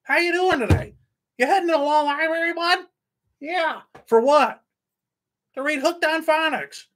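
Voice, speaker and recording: A man's voice: very high voice, moderate pace, fairly bright tone, voice pushed up. A man mocking a simple-minded male prison inmate in a chirpy, sing-song voice.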